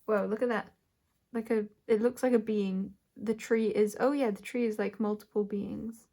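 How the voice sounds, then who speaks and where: A woman with a mid-pitched voice gives an intuitive tarot reading. She talks her way through it, stopping to rephrase and correct herself and breaking into small laughs. The pace is unhurried and reflective. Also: steady tone. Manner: searching, self-correcting, thinks aloud with soft laughs. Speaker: tarot reader.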